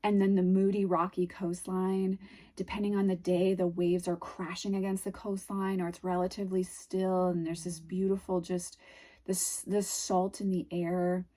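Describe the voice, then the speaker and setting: A woman with a New England accent chatting casually through an unboxing, gushing and dreamy, often trailing off into soft murmurs. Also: fairly low pitch, level tone, normal speed. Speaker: tarot video host.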